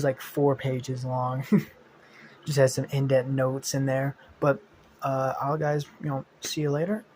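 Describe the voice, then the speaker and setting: A man's voice: mid-range voice, a little mellow, a little hiss or hum. A young man improvising a fan story as narrator, rambling and cursing casually with frequent restarts. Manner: rambling, profane, restarts often. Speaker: channel host narrating.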